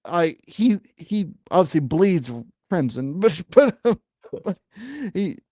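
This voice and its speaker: A man's voice: on the high side, lively intonation, slow, darkish tone, no room sound, studio quality. A man hosting a casual sports talk podcast, rambling with lots of fillers and getting worked up. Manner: rambling, frequent fillers, gets fired up. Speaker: podcast host.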